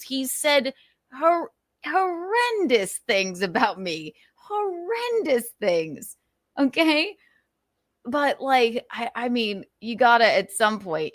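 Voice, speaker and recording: A woman's voice: on the high side, a bit bright, no room sound, clean studio sound. A woman hosting her talk show, speaking in a profane, defensive and emphatic way. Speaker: show host. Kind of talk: casual talk-show commentary.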